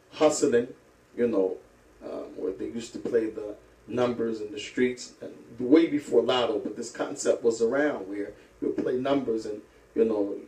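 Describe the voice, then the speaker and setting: A middle-aged man from St. Louis, an Islamic teacher, telling his life story slowly with many pauses and hesitations. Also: mid-range voice, a little mellow. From St. Louis, USA. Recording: echoey room, mic at a distance.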